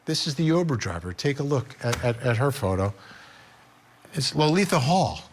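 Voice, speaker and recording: A man's voice: medium pitch, sing-song, moderate pace, slight background noise. A man hosting a legal news program, recounting a case in a conversational, emphatic way. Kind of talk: broadcast news commentary.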